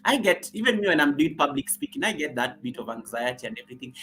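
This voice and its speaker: A man's voice: on the high side, big pitch swings, quick pace, hardly any pauses, sharp tone, faint music behind, poor audio. A man hosting a casual livestream, chatty and repetitive, greeting viewers one by one by name. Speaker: livestream host.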